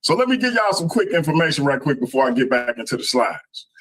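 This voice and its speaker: A man's voice: on the high side, very animated, fast, fairly bright tone, low-quality recording. A man making a laid-back debate argument over a video call, talking straight to the audience. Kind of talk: casual debate speech.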